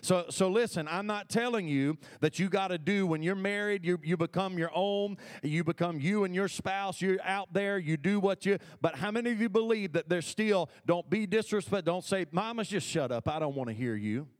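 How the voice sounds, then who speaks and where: A man's voice: high-pitched, normal speed, few pauses. A man preaching a sermon as pastor, talking conversationally and calling for responses from the congregation. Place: church sanctuary.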